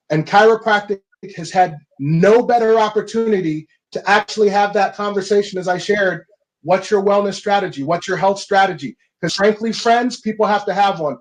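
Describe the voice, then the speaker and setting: A man's voice: high voice, low-quality recording. A man speaking on a webinar panel as a business coach, emphatic and motivational, often calling his listeners guys and friends.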